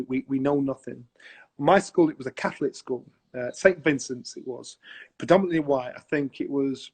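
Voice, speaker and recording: Husky man telling stories. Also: medium pitch. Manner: animated, acts out voices in his anecdotes. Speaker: guest. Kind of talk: casual storytelling in a conversation. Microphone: video call.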